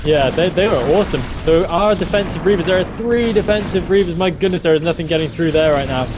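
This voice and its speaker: Fast-talking male game caster. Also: high voice, background noise. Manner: excitable, laughs often. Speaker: esports caster. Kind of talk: live game commentary.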